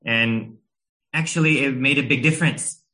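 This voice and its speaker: A man in his thirties preaching a sermon, telling a family story in an earnest, gentle way with a few hesitations. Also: medium pitch, moderate pace, poor audio.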